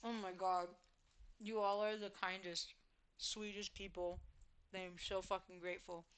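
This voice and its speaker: A woman's voice: mid-range voice, little pitch movement, moderate pace, clear, resonant tone. A woman streamer chatting casually while gaming, gushing, giggling and exclaiming often.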